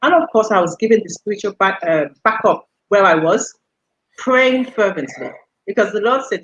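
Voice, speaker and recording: A middle-aged woman from the UK, guest on an interview show, telling her story in lively casual chat and laughing often. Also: medium pitch, normal speed, lo-fi sound. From United Kingdom. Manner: animated storyteller, laughs often, acts out quoted voices. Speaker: guest, radio station executive.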